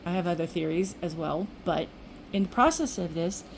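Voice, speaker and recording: A woman's voice: lowish voice, normal speed, creaky, poor audio. Older woman, rambling casual storytelling, faint hiss behind. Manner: chatty, rambling, with restarts and acted-out quotes. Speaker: vlogger.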